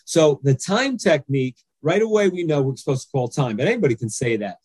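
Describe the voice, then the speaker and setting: A man's voice: on the high side, animated, fairly quick, darkish tone, husky, no echo. A man, an anger management coach, explaining his method step by step on a podcast and checking in with "okay?" again and again.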